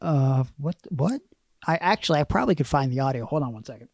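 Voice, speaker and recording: A man's voice: mid-range voice, lively intonation, very fast, no room sound. A man hosting a casual podcast, recounting wrestling history at length with dry asides. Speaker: podcast host.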